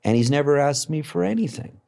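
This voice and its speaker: A middle-aged man giving an emotional personal testimony as an interviewee, blunt and profane, halting often with fillers. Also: on the high side, animated, vocal fry, dark tone.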